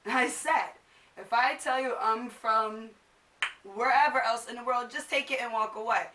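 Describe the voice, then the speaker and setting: A young woman from New Jersey ranting in a casual vlog, animated and exasperated, acting out other people's questions. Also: fairly high pitch, a little slow, recorded from a distance, background noise. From New Jersey, USA. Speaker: vlogger. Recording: echoey room, voice a little off-mic.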